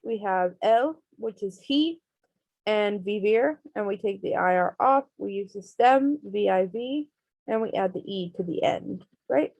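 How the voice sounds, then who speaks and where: A woman's voice: mid-range voice, animated, unhurried, gravelly, a little mellow, no room sound. A woman teaching an online Spanish class, explaining each step patiently with many ums.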